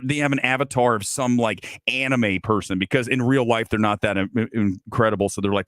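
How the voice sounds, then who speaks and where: A sarcastic male host rants about films in a blunt, swearing style. His pitch swings widely from line to line. The sound is dry and close, with no room echo. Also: expressive, brisk, hardly any pauses, fairly bright tone. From Los Angeles area resident. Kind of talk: casual ranting film commentary.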